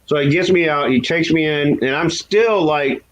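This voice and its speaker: Over a loud crowd and poor audio, a man talks at normal speed in a casual, candid way about his past. He laughs at himself and pitches his voice up when acting out others' words.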